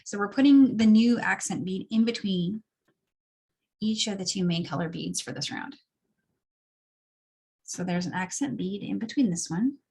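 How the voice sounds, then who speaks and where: A woman instructor walks through a beadwork project one step at a time, chatting as her hands work. Her voice is slightly husky and sits at an ordinary middle pitch. She sounds easygoing and explains as she goes. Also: moderate pace, long pauses, warm tone. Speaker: craft instructor. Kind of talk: step-by-step craft tutorial.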